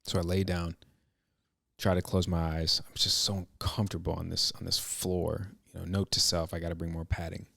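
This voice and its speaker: A man hosting a podcast, telling a personal story in an earnest, reflective way, halting and restarting his sentences. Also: deep voice, level tone, creaky, bright, forceful tone, no echo, studio quality. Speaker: podcast host.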